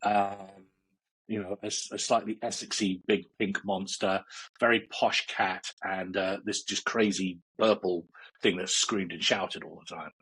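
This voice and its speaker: Husky man chatting loosely. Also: sits low, steady tone, measured pace, a bit bright, rough recording. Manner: rambling, many fillers and restarts, laughs a lot. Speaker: meditation teacher, guest. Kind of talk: casual interview chat.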